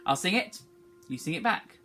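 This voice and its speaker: A music teacher leads an online singing lesson for schoolchildren, demonstrating phrases for the class to repeat and encouraging them along. The mid-range voice has lively intonation and a normal speed.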